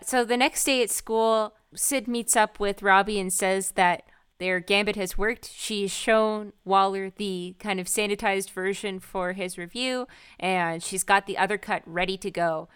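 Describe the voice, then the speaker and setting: Female podcast co-host with a smooth, clear voice; wry, amused recap storytelling. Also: mid-range voice, steady tone, measured pace, fairly bright tone. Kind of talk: casual TV episode recap chat.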